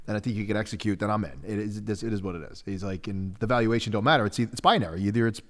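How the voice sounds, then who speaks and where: A man hosting a podcast interview, chatting casually, slangy and quick to laugh. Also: fairly low pitch. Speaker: podcast host.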